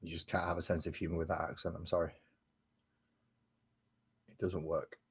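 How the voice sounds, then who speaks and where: A low-pitched man with a husky, slightly rough voice talks through a live stream. He banters sarcastically with viewers and mutters to himself between remarks. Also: flat delivery, moderate pace. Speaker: streamer painting miniatures. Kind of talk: casual live-stream chat.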